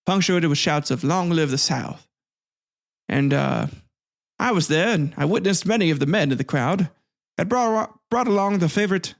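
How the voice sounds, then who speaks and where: A man reading a correspondent's report with deadpan asides. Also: fairly high pitch, creaky. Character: newspaper correspondent at an inauguration.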